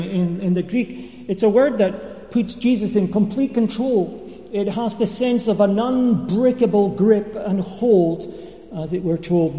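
A man delivers an evening sermon, working through his points in a measured teaching style. His voice sits high and mellow. The sound is dull and carries a long echo, as in a church hall. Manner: measured expository preaching with fillers. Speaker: preacher.

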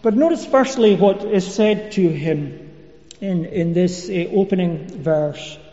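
High-voiced preacher in an echoey hall. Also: male voice, dark tone. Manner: measured expository preaching with fillers. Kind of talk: sermon. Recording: dull echoey church hall recording.

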